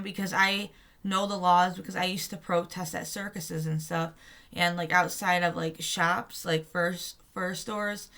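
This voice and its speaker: A woman's voice: medium pitch, gravelly, pushed and bright. Heated, blunt young woman vlogger. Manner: heated, blunt, swears freely, acts out quotes. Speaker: vlogger recounting a protest. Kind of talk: casual storytelling vlog.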